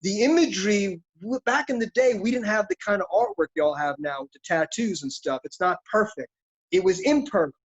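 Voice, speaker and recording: A man's voice: high-pitched, lively intonation, brisk. Middle-aged male actor, casual philosopher, muffled lo-fi audio. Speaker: actor guest. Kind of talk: reflective interview talk. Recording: dull lo-fi sound.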